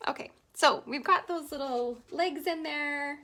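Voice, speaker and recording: A middle-aged Canadian woman leads a casual live painting tutorial, chatting with viewers and giggling often. Her voice sits high, bright and forceful, at a measured pace.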